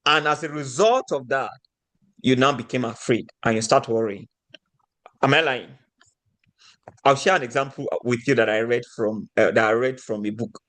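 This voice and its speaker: A man's voice: medium pitch, moderate pace, pauses often, a bit bright. A man from Nigeria giving a motivational teaching talk, often putting rhetorical questions to his audience.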